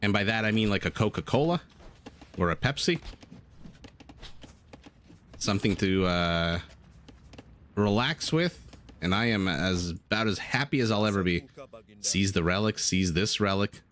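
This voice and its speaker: A man's voice: on the low side, lively intonation, measured pace, pauses often, a bit bright, slight background noise. A man casting a strategy game live, chatting and laughing with his viewers between plays. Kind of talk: live esports commentary with chat.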